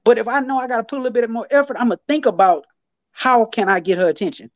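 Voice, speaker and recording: A man co-hosting a casual podcast chat, animated and slangy, often repeating his phrases. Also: extremely high pitch, quick pace, dry recording, dull audio. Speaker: podcast co-host.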